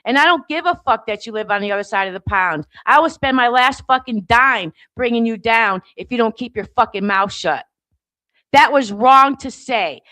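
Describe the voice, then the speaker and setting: Furious woman on a livestream, bright and fairly high, confrontational rant. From United States. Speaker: livestream guest.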